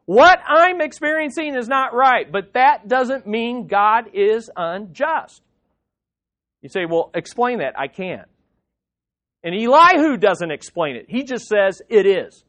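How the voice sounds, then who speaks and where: A man's voice: very high-pitched, big pitch swings, slow, pushed and bright. A man preaching an expository sermon, reading scripture aloud and explaining it emphatically, with frequent questions to the congregation. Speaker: pastor.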